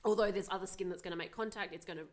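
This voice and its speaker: A woman's voice: mid-range voice, steady tone, very fast. A woman, co-hosting a casual, frank chat and giving practical advice with wry humor. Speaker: podcast co-host.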